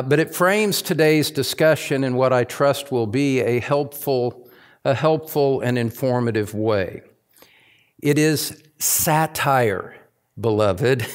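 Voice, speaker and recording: A middle-aged pastor with a medium-pitched voice preaches a sermon at a livestreamed church service. He speaks earnestly and reflectively, frequently restarting and adding asides.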